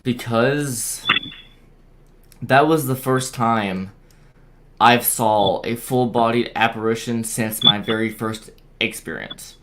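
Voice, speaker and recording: Young man guest, stammering storyteller, casual, middle-pitched voice. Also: steady tone, fairly bright tone, slight background noise. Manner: halting, repeats words and restarts often. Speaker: guest sharing a paranormal experience. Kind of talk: casual storytelling on a video call.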